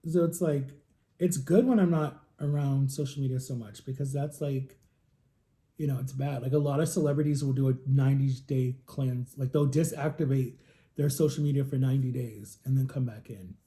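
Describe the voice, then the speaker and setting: A man's voice: mid-range voice, fairly even intonation, normal speed, warm tone. A man vlogging in a casual, rambling storytelling style, full of fillers and asides. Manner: rambling, chatty, lots of fillers.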